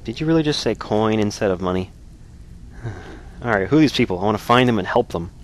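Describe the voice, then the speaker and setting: A man hosting a let's play, cracking sarcastic jokes and musing aloud over the game. His voice sits on the low side. A faint hiss from his home desk mic runs behind him. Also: lively intonation, a little fast. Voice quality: jokey, sarcastic, laughs often. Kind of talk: joking gameplay commentary.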